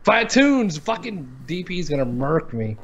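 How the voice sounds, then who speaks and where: A man's voice: on the high side, very animated, unhurried, lo-fi sound, a crowd in the background. A man in his thirties co-hosting a live gaming show, chatting casually, swearing often and laughing as he rambles. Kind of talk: casual chat.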